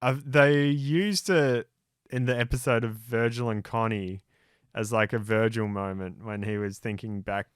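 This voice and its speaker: A man co-hosting a podcast in casual chat, easygoing and hesitant, often pausing on "um" and restarting his sentences. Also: on the low side, fairly even intonation, clean tone, dry recording, clean studio sound. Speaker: podcast co-host.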